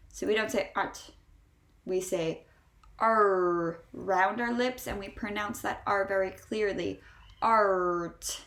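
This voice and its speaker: A woman with a Northeastern American accent teaches English pronunciation at a middling pitch. She says each example word slowly and clearly, often three times over, and her voice rings in an echoey room. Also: a bit bright. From Northeastern United States. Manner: slow, drawn-out model words repeated three times. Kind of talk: pronunciation lesson.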